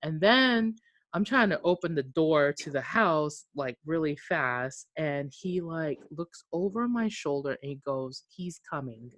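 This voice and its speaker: A woman with a deep, low-pitched voice tells a long story as a podcast co-host. She talks casually and with energy, swears freely, and acts out what each person said. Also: a little slow, no room sound. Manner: animated, acts out quoted speech, swears freely.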